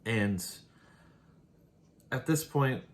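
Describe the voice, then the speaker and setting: Speaking very slowly in an expressive, medium-pitched voice, this male show host reviews an episode in a loose, rambling way. He laughs a lot and tosses off quotes from the characters as he recaps.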